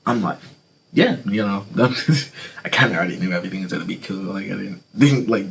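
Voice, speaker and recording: A man's voice: sits low, fast talker, vocal fry, a bit bright, a little hiss or hum. Rambling, laughing man telling a story. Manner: rambling, profane, laughing, filler-heavy. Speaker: vlogger. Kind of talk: casual storytime. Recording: background music behind voice.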